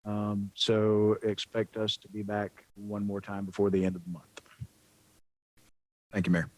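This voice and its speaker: A man's voice: on the low side, completely flat delivery, a little slow, a little mellow. A man on a city council giving polite, friendly remarks and motions at a meeting.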